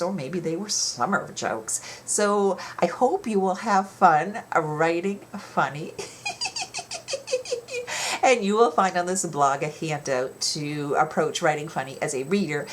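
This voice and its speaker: A woman's voice: lowish voice, slight background noise. A woman author giving a playful writing lesson to children, lingering on her puns and repeating them.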